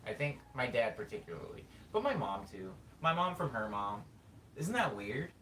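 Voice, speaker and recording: A man from California with a Californian accent, chatting casually as a streamer, thinking aloud and reading chat in a rambling, drawn-out way. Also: medium pitch, big pitch swings, sharp tone. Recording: roomy sound, mic at a distance, faint background noise.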